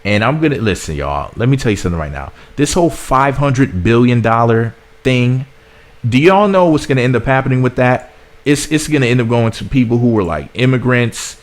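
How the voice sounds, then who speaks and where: An American man rants through political commentary in a blunt, sarcastic voice. His pitch sits in a typical middle range. He often repeats himself as he builds his points. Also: expressive, fairly quick. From United States. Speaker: commentary vlogger.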